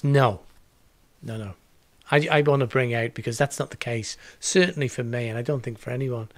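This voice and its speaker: A man's voice: medium pitch, brisk, a bit bright, no echo. A man in his sixties preaching a home video sermon, earnest and reflective, repeating words for emphasis. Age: 60s. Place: home setup with green screen.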